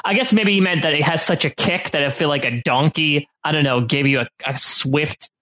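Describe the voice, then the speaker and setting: Man, podcast host, casual chat, playful, slightly high voice. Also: fairly quick, pushed and bright. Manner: quizzing and reading aloud, playful.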